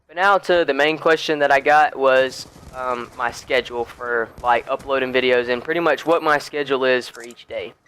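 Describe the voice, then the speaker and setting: A man's voice: mid-range voice, normal speed, hardly any pauses, a bit bright, smooth, rough recording. A young man chatting casually over gameplay, rambling with lots of fillers and restarts. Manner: laid-back and chatty. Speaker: gaming YouTuber.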